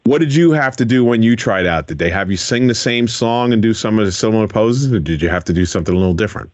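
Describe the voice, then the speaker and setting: A man's voice: fairly low pitch, animated, fast talker, darkish tone, no room sound. A man hosting a radio interview show, asking children encouraging follow-up questions from a studio.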